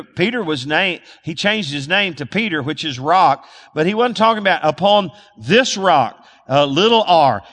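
Bright-voiced pastor preaching in a hall. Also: male voice, sits high. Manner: calls for audience responses, restarts and fillers. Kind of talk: sermon. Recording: long hall reverb.

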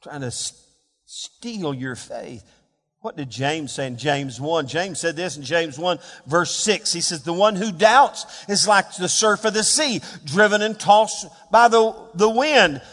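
A man preaching a sermon as a pastor, swinging between hushed, quiet passages and louder emphatic ones. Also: high-pitched, unhurried, hardly any pauses, in a large hall. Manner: dynamic preaching, dropping to hushed tones and rising for emphasis.

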